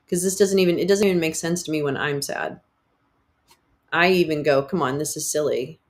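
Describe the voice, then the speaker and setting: A woman hosting a livestream, talking in a candid, rambling way with swearing and laughs. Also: fairly low pitch. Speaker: livestream host. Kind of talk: casual livestream chat.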